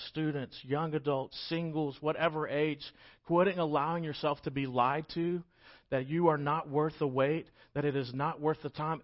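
Animated pastor preaching. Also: male voice, a little high. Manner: animated, acts out scripture voices. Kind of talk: sermon. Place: church sanctuary. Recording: dull lo-fi church recording.

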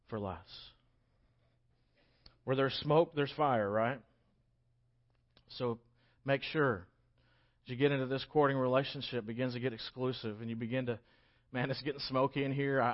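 A man, preaching a sermon and acting out scripture in lively voices. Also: mid-range voice. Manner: animated, acts out scripture voices. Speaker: pastor. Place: church sanctuary. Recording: dull lo-fi church recording.

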